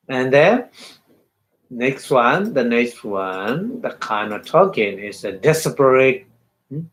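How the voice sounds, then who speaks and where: A man giving a dharma talk as a Buddhist meditation teacher, halting, repeating phrases and checking in with his listeners. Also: mid-range voice, very animated, rough recording.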